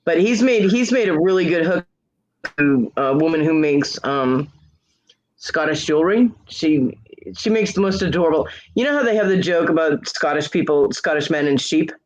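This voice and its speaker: A woman co-host in casual chat, animated and quick to laugh. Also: low-pitched. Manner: animated storyteller, laughs often. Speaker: podcast co-host. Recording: dull lo-fi recording.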